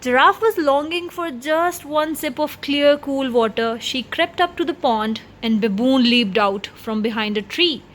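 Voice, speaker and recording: A woman reading a children's picture book aloud in an expressive storytelling voice. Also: sits high, measured pace, hardly any pauses. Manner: expressive, shifting pace.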